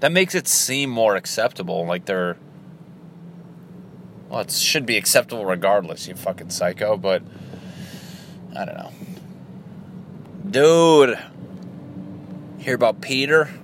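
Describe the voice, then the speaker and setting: Lowish guy comedian cussing and laughing thru bits while driving, loud road noise in the car. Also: lively intonation, normal speed, long pauses. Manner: crude, profane, laughing asides. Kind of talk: rambling comedy workshop monologue.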